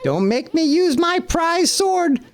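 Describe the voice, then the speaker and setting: Man playing a tiny cocky bug guy, brash, bragging, raised animated voice, faint game music. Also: very high-pitched, takes it slowly, gravelly, voice pushed up, exaggerated voice. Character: tiny boastful male bug, cocky wandering artist.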